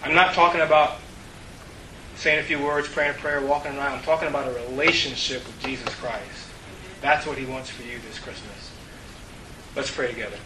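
A man preaching an earnest sermon to his congregation, telling stories and dropping to a hush for the key points. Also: medium pitch, moderate pace. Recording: roomy, distant mic with faint hiss.

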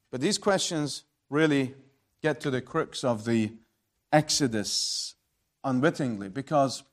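In a fairly high voice, a man preaches emphatically, alternating between booming and hushed tones. He asks rhetorical questions and refers to his audience as friends.

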